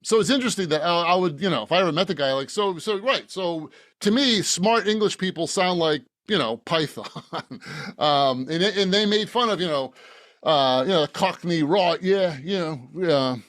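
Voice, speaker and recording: A man from Boston with a fairly high voice, talking as a guest on a podcast. He rambles from point to point, joking and laughing as he goes. The sound is dry and close, with no room in it. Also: animated, normal speed, a bit bright, dry recording. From Boston, Massachusetts. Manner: rambling, joking, laughs often, frequent restarts. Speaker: author guest. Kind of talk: casual podcast interview.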